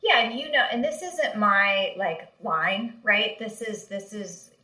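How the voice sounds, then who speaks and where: A woman marketing executive recounts her career as an interview guest, her voice bright and forward. She tells her stories animatedly, with many fillers and frequent laughter. The sound has a roomy echo. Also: medium pitch, takes it slowly. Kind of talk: casual interview storytelling.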